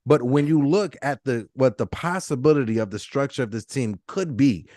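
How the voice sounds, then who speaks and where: A man co-hosting a casual sports fan show, energetic and hyped as he reads viewer messages aloud. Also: mid-range voice, normal speed, no echo, clean studio sound. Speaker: co-host. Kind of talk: casual sports podcast chat.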